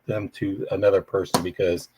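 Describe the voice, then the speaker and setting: A man hosting a casual livestream chat, talking in halting bursts with many restarts. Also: sits low, flat delivery, background noise. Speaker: livestream host.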